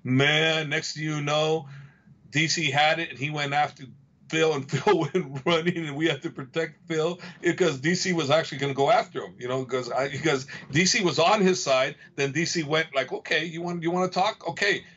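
A man's voice: on the high side, steady tone, moderate pace, a bit bright, muffled recording. A man, a fight coach, telling gym stories in a casual chat. He repeats himself and acts out what other people said. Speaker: fight coach and podcast guest.

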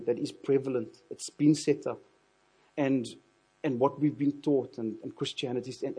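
Male preacher, sermon, husky, mellow dark tone, earnest, repeats words. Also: medium pitch. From South Africa. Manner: earnest, repeats words when building a point.

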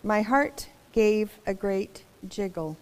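A woman reading a children's picture book aloud, expressive and dramatic, pausing for asides to young listeners. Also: medium pitch. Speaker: storybook reader.

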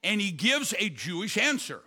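An older man, a pastor preaching a sermon, telling stories and rising to shouts. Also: sits high, sing-song, normal speed, breathy edge.

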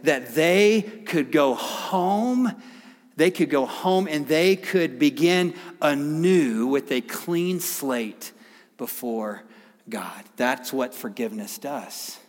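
A man preaching a sermon as pastor, reading scripture with dramatic swings from loud appeals to hushed whispers. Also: medium pitch, takes it slowly. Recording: long hall reverb.

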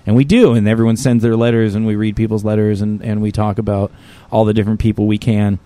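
A man co-hosting a casual podcast, talking in a rambling, halting way with many restarts. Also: lowish voice, little pitch movement, warm tone. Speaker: podcast co-host. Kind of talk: casual chat.

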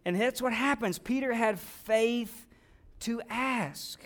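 A man preaching a sermon with dynamic delivery, rising to loud exclamations and dropping to hushed quotes. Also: very high-pitched, slow. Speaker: pastor.

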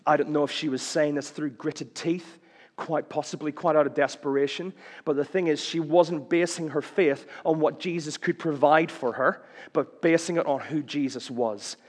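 A man's voice: steady tone, normal speed, long reverb tail. A man preaching a sermon, impassioned, acting out quoted cries as his voice rises. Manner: impassioned, acts out quoted cries with rising pitch.

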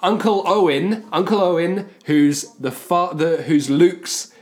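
A man's voice: high-pitched, takes it slowly, a little mellow. A man co-hosting a podcast in casual comic chat, playful and prone to silly voices. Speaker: podcast co-host.

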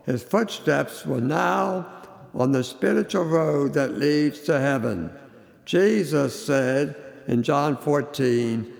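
Male preacher, gravelly and slow, telling a sermon story in a long reverb. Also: fairly high pitch. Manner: slow, emphatic, dramatic delivery. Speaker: radio preacher.

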